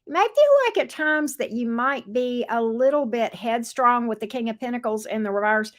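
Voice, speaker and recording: A woman's voice: on the high side, expressive, moderate pace. A woman hosting a live tarot reading stream, chatting casually with viewers, greeting them by pet names and talking through the cards with many fillers and restarts.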